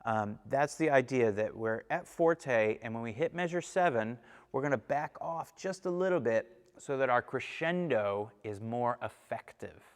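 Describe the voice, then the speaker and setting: Male timpani teacher, smooth and mellow, patient, counts beats aloud, checks in with "okay?", long room reverb. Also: medium pitch, expressive, unhurried. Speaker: percussion teacher. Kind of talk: instrument lesson with counting and demonstration.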